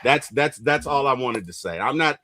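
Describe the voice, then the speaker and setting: A man's voice: medium pitch, moderate pace, no room sound, clean studio sound. A man hosting a casual sports fan livestream, talking with rising emotion about his team. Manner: emotional, voice swelling when excited. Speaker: podcast host.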